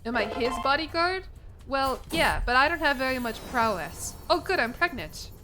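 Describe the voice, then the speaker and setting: A woman's voice: sits high, moderate pace, over music. A young woman streaming a game, cursing freely and joking at her own expense. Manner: profane, self-mocking, excitable. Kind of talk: casual gameplay commentary.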